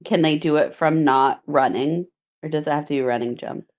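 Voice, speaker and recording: A woman playing in a tabletop game, asking quick rules questions and chatting apologetically. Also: low voice, a little mellow. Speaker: player. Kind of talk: casual chat during a tabletop game.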